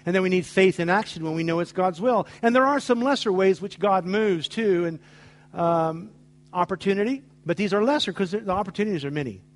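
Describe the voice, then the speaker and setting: A man's voice: high voice, brisk. A middle-aged man preaching a sermon, telling stories with acted-out dialogue in an emphatic way. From United States. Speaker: pastor.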